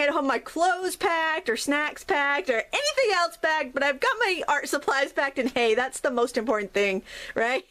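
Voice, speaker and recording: A middle-aged New England woman rambles and chats through a casual watercolor painting tutorial, often laughing at herself. Her high voice is fairly bright, with lively intonation and a brisk pace.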